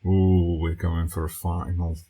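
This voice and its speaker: A man hosting a let's play, giving casual live commentary on a football management game and reacting to the highlights as they happen. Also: unhurried, husky. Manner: animated, reacting to match highlights, talking to his players.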